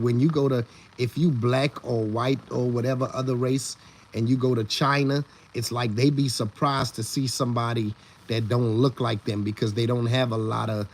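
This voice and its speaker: Male streamer, mid-pitched, casual and rambling, lots of restarts, faint background noise. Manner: rambling, with many restarts and repeated words; greets chat viewers by name. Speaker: livestream host. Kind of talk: casual live-stream chat with viewers.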